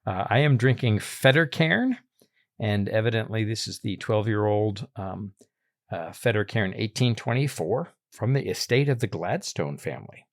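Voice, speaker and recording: A man hosting a casual podcast chat, relaxed and chuckling often. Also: on the low side, normal speed, dry recording, studio quality. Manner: relaxed, chuckling, reads tasting notes. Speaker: podcast host.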